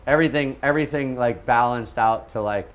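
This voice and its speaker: A man's voice: medium pitch, a little fast. A man from Hawaii, a pro surfer, telling stories in casual chat, loose and laid-back, full of fillers, acting out voices. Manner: laid-back, lots of "like" and "you know"; acts out voices in his stories. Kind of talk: casual storytelling.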